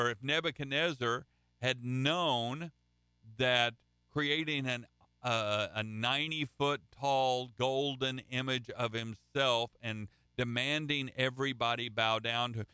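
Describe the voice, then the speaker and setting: A man's voice: medium pitch, sharp tone, clean tone, dry recording, clean studio sound. A man preaching a sermon in a conversational way, reading scripture and then telling folksy stories, often restarting his phrases.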